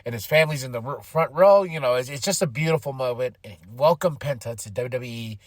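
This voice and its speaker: A man hosting a podcast, casually recapping events with animated energy, laughing often and acting out quotes. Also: medium pitch, a little fast, no echo, studio quality. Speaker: podcast host.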